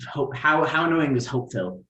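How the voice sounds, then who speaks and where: A man's voice: on the high side, expressive, a little fast, bright, forceful tone, highs cut off. A young man co-hosting a casual movie discussion, thoughtful and full of ums and restarts. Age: young adult. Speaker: podcast co-host. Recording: roomy echo.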